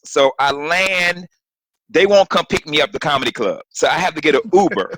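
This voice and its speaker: A man and guest comedian telling a story in casual, animated chat on a remote call, swearing and acting out voices. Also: a little high, moderate pace, poor audio. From Florida. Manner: animated, profane, acts out voices.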